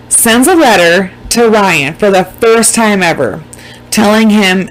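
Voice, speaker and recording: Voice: mid-range voice, lively intonation, a little slow, poor audio. This is a vlogger talking casually straight to the audience. The delivery is loose and rambling, with plenty of swearing and words repeated for emphasis. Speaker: vlogger recapping a documentary. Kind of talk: casual chat.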